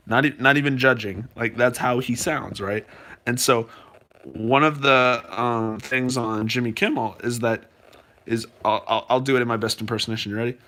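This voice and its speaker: A man's voice: mid-range voice, bright, forceful tone. A man live-streaming from home, chatting loosely with his viewers and rambling through fillers and restarts. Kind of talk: casual live-stream chat.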